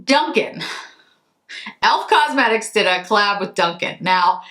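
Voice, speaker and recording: A woman's voice: medium pitch, lively intonation, a little slow, sharp tone. A woman beauty vlogger from Massachusetts, chatting casually and rambling a little as she goes through products. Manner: chatty, rambling, self-correcting. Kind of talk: casual chat.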